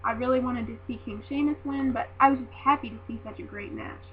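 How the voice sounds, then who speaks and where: A woman's voice: on the high side, fast talker. A young woman eagerly recounting a live wrestling show in a casual vlog, gushing and giggly as she tells it. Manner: gushing, excitable, giggly fangirl. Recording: tinny lo-fi phone-like audio with faint hum.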